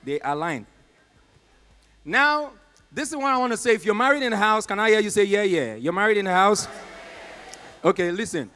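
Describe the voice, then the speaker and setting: Man, Nigerian accent, high voice, stand-up comedian, animated storytelling, talks to the crowd. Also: normal speed, long pauses, in a large hall. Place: live comedy stage.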